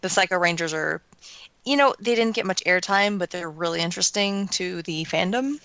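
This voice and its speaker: Relaxed woman co-hosting a podcast. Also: on the low side, normal speed, no room sound. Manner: relaxed, with short replies. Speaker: podcast co-host. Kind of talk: casual chat.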